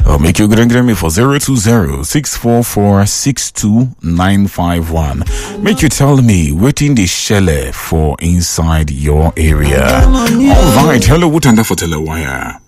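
A man's voice: deep voice, sing-song, a little slow, darkish tone, soft background music. A man with a Nigerian Pidgin English accent hosting a radio call-in show from a studio, animatedly reading out listener messages. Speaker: radio host.

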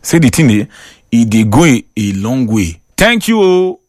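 A man with a Nigerian accent hosts a chatty radio call-in show, an animated storyteller who laughs often and mixes Pidgin with English. His voice is medium-pitched at a normal speed, in a dry, studio-quality recording.

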